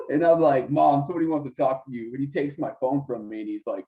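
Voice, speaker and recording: A man guest on a podcast, telling stories in a lively, casual way. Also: medium pitch, fast, hardly any pauses. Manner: animated storyteller, acts out voices in quotes. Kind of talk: casual storytelling. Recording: tinny phone-like line.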